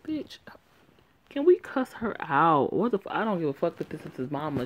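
A woman's voice: deep voice, sing-song, brisk, highs cut off, slight background noise. A woman making crude, brash asides full of swearing between the parts of her story. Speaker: storyteller voicing all the parts. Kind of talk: profane aside commentary.

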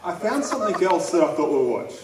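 A man's voice: sits high, sing-song, fast talker, over a noisy crowd. A man informally addressing a group of students in a friendly way. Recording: echoey hall from far off, loud music.

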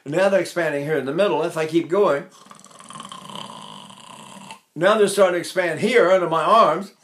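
A man's voice: a little high, fast, fairly bright tone, slight background noise. A man in his eighties, a voice teacher, chatting casually as he demonstrates breathing exercises and talks while holding his breath. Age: 80s.

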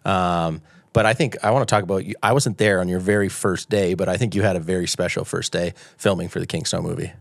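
A man hosting a podcast, chatting in an earnest, relaxed way and praising his guest. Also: low voice, fast talker, vocal fry, no echo, studio quality. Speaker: podcast host. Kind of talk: casual chat.

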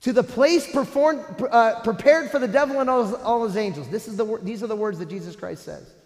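High-voiced man preaching in an echoing church. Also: fairly quick. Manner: emphatic preaching, rhetorical questions to the congregation. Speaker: priest. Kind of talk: sermon. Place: church sanctuary. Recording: roomy church echo with long reverb.

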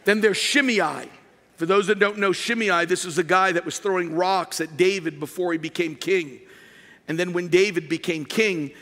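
A male pastor preaching an emphatic sermon in a large church, rising to shouts at his peaks. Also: high voice, in a large hall.

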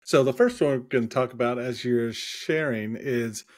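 A man's voice: mid-range voice, normal speed, dry recording. A man co-hosting a casual tech podcast on a headset, easygoing and hedging his opinions with filler ums. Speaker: podcast co-host.

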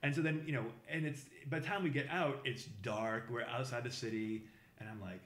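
A man spins a long story in casual chat, stumbling through fillers and restarts and slipping into the voices of the people he quotes. His voice sits at an ordinary middle pitch. The room around him is echoey. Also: fairly even intonation, a little fast, fairly bright tone. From Boston, USA. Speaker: podcast guest telling a travel story.

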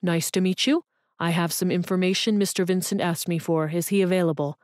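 A woman voicing a brisk, friendly male publicity director. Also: fairly low pitch, fairly even intonation, a little mellow, no echo, studio quality, lightly acted. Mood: polite.

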